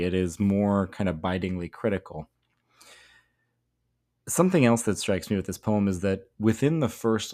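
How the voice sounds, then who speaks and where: Low-voiced man explaining a poem. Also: a little mellow. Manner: thoughtful, explanatory, with fillers. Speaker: teacher. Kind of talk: poetry lesson talk.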